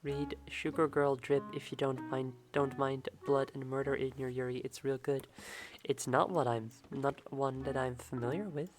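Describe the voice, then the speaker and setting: A young woman streamer talking softly in a murmuring ASMR voice as she plays a game. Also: a bass voice, steady tone, soft background music. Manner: slow, murmuring and drawn-out, with sudden delighted exclamations.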